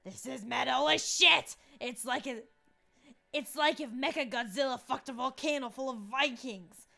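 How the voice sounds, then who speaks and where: A woman doing a brash, shouting demon boy. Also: sits high, moderate pace, vocal fry, full character voice. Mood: hyped. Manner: brash and swearing. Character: crude, loud male demon teen.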